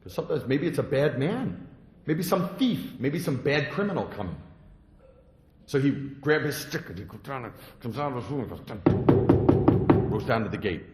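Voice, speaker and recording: Animated storytelling Zen monk in a hall. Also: male voice, medium pitch, moderate pace, music in the background. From United States. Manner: storytelling, animated with sound effects. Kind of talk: dharma talk. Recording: echoey hall.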